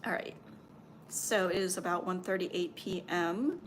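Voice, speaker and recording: A woman's voice: lowish voice, a little slow, slight background noise. A woman who works as a spiritual medium and Reiki healer, passing on channeled messages in a meandering, reassuring livestream talk full of fillers.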